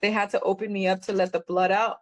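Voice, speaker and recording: A woman's voice: medium pitch, level tone, fast. A woman guest on a podcast, telling a personal testimony in a candid, plainspoken way.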